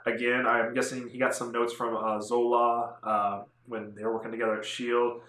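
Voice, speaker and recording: Young male vlogger: bright, rambling spoiler chat in a roomy space. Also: mid-range voice, little pitch movement, normal speed. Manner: rambling, filler-heavy, swearing. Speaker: movie vlogger. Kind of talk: casual spoiler review. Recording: echoey room.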